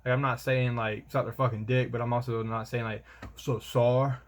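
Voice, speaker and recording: A man's voice: mid-range voice, flat delivery, a little fast, a little hiss or hum. Rambling young man. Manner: rambling, slangy, keeps saying bro. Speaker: soldier vlogger. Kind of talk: casual storytelling vlog.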